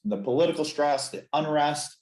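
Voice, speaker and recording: A chiropractor with a slightly high, somewhat flat, darkish-toned voice tells his story at a moderate pace on a candid podcast. He comes across as earnest, reflective, and emotional, and the recording sounds echoey and roomy.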